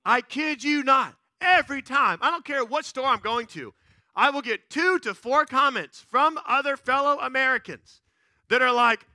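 A man preaching a sermon in an animated way, swinging from loud excited bursts to quiet earnest stretches and playfully acting out the people he quotes. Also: very high voice, moderate pace, no room sound, clean studio sound. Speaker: pastor.

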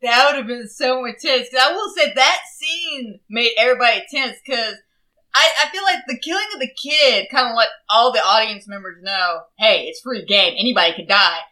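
A woman in casual, animated chat about horror films, slangy and profane. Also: on the high side, normal speed, rough recording.

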